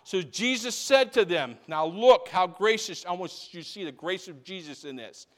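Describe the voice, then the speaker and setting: High-voiced preacher in echoing hall. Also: male voice, lively intonation, normal speed. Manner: swings from booming emphasis to hushed asides; repeats phrases for emphasis. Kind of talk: sermon. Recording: long reverb of a large hall.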